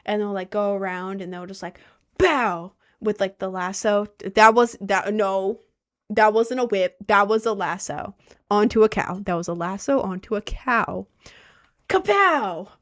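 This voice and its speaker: A woman's voice: mid-range voice, steady tone, normal speed. A young woman chatting casually on a vlog, rambling and unsure of herself, with lots of fillers and restarts. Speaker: vlogger.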